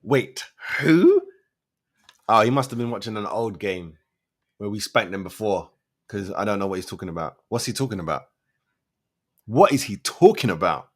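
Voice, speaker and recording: A man's voice: fairly low pitch, lively intonation, moderate pace, pauses often, breathy edge. A man hosting a channel, giving mocking, incredulous live commentary over a radio clip.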